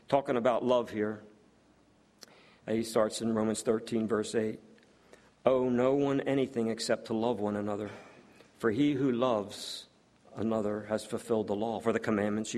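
A man's voice: lowish voice, fairly even intonation, moderate pace, long pauses, darkish tone. A man preaching a sermon, reading scripture aloud and putting rhetorical questions to the congregation. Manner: reads scripture aloud between remarks.

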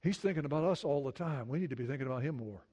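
A middle-aged male pastor preaching a sermon earnestly, moving between hushed prayerful passages and emphatic points. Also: mid-range voice, animated, rapid-fire.

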